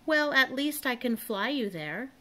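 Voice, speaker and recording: A woman doing a gentle young dragon. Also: expressive, measured pace, full character voice. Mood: polite. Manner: exclaiming, swooping up in pitch. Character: young hungry male dragon, gentle and fretful. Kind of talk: storybook read-aloud.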